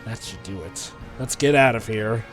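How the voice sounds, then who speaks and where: A man voicing a gruff, brooding young male mercenary in a flat, terse, deadpan way during a game playthrough. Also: lowish voice, normal speed, faint music behind, voice pushed down, lightly acted.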